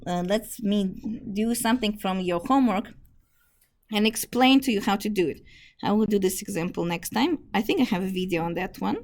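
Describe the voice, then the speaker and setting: A woman teaching a math lesson in a hoarse voice, explaining step by step and often clearing her throat. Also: medium pitch. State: hoarse from fever. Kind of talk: casual classroom lecture.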